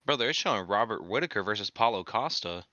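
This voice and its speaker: A man with a very deep, sharply forceful voice co-hosts a casual sports podcast. He speaks in short, blunt bits, reading updates aloud. The recording is dry and a little dull and muffled. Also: animated, fast, dry recording. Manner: terse, reads updates aloud. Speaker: podcast co-host.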